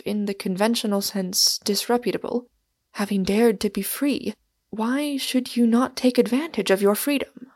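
A woman reading as a reasoning Russian gentleman. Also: mid-range voice, dry recording, clean studio sound. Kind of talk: audiobook character reading.

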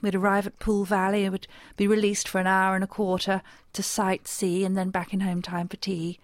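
A woman telling a comic monologue, wry and deadpan with sarcastic asides. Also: mid-range voice, a little fast, no echo, clean studio sound. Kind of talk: scripted comic monologue with character voices.

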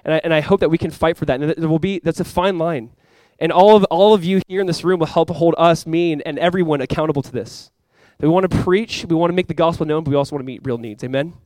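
Lively high-voiced young man preaching. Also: fast, hardly any pauses, no echo. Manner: animated, with sudden loud bursts and quiet asides; casual, conversational preaching with fillers and restarts. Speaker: pastor. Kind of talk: sermon. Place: church.

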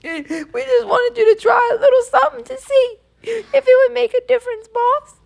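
A woman's voice: very high voice, normal speed, gravelly, heavily acted. A woman voicing a pleading co-host who begs and complains in a comedy sketch. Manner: pleading, whiny.

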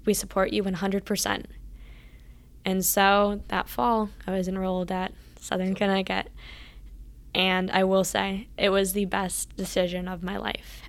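A woman being interviewed recounts her college athletic years in an earnest, casual storytelling style. She readily reenacts past conversations, and her voice has a gravelly texture that keeps to a narrow, even pitch range.

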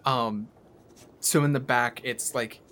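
A man's voice: mid-range voice, steady tone, takes it slowly, pushed and bright, slight background noise. A man narrating as game master in a tabletop game, rambling casually with many fillers.

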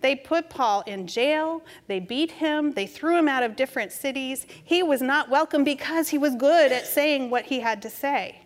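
A middle-aged woman with a somewhat high voice delivers a conversational sermon. She speaks gently and without hurry, telling stories that lead into her message. Her words ring out with a long reverb, as if spoken in a large church sanctuary. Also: moderate pace, few pauses. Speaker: preacher. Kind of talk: storytelling sermon. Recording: reverberant hall.

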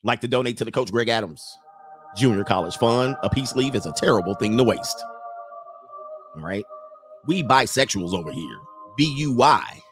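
A man's voice: medium pitch, lively intonation, normal speed, soft background music. Joking man reading his chat. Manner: loose, joking, talks straight to the chat. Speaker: livestream host reading viewer comments. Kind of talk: casual commentary.

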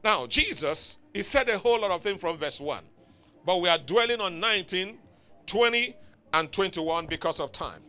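A man's voice: high voice, expressive, normal speed, pushed and bright, clear, resonant tone. A man preaching a sermon in a church, emphatic and exhorting, calling out to his congregation for responses. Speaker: pastor. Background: faint music from outside.

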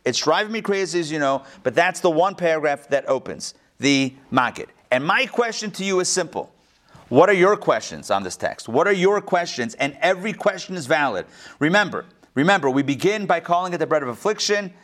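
A man teaching a class, and his voice sits a little on the high side. He swings his pitch up and down a lot as he jokes and fires questions at the room. He leads a lively group discussion. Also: fairly quick. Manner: animated, joking, asks the group many questions. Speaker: teacher leading a text study. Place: classroom with an online audience.

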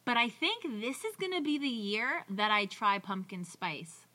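Co-host, young woman, bright tone, higher pitch, rambly casual delivery. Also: sing-song, unhurried. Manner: chatty, rambling, lots of "like" fillers. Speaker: podcast co-host. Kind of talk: casual chat.

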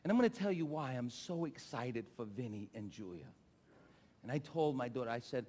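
Animated pastor in a reverberant hall. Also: male voice, mid-range voice, fairly quick, slight background noise. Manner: animated storytelling with shouted quotes. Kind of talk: sermon with a personal story.

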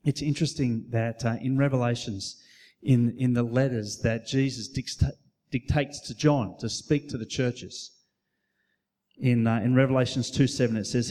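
A man's voice: medium pitch, steady tone, mellow. Sex: man. Role: preacher. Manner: earnest, measured, with fillers and restarts. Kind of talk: sermon. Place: church hall.

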